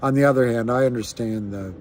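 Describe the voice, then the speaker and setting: A man's voice: mid-range voice, fast talker, a little mellow, slight background noise. A man hosting a casual livestream, musing aloud in a rambling way with frequent restarts. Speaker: livestream host.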